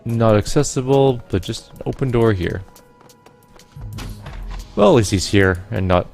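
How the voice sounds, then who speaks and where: A man's voice: lowish voice, measured pace, gravelly, a little mellow, faint music behind. A man hosting a let's play, making wry, offhand remarks as he plays. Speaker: gaming channel host.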